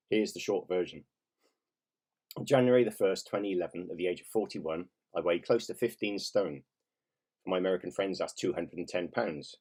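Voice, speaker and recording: A man's voice: deep voice, a little mellow, breathy edge. A man in his fifties, an author reading his own nonfiction aloud in a wry, self-mocking way with casual swearing. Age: 50s.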